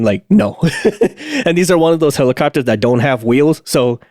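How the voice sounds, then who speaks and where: A man's voice: a little high, big pitch swings, moderate pace, darkish tone, dry recording. Guy rambling thru an aircraft fire story, lots of um and uh, laughs a bunch, dead dry sound. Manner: rambling, many fillers and restarts, laughs often. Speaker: podcast co-host, aircraft maintenance technician. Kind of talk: casual storytelling chat.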